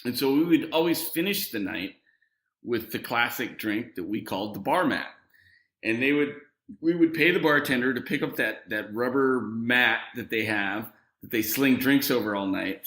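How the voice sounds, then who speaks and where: A man's voice: medium pitch, moderate pace, roomy sound. A man telling a rowdy story as a podcast guest in casual chat, laughing as he goes. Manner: animated, laughs through his story.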